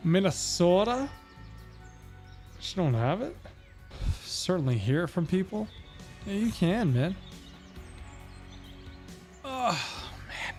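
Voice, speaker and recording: Chatty North Carolina man, high voice. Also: very animated, slow, pauses often, a little mellow, soft background music. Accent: slight North Carolina Southern. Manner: rambling, chatty, talks to viewers while narrating gameplay. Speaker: gaming streamer. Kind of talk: casual livestream chat while playing.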